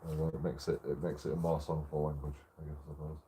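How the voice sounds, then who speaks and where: A man's voice: very deep voice, level tone, quick pace, slight background noise. A man chatting casually with his live stream viewers, swearing freely and chuckling often.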